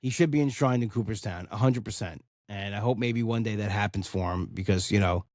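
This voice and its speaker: A man's voice: on the low side, a little fast, darkish tone, no echo, studio quality. A man, hosting a casual solo podcast, talking in a rambling, heartfelt way with many "you know" fillers. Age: 40s. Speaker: podcast host.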